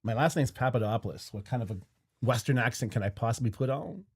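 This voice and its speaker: A man co-hosting a relaxed live stream. His voice sits at an ordinary middle pitch. He talks in a chatty, self-deprecating way, full of quick asides. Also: husky. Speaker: co-host. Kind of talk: casual live-stream chat.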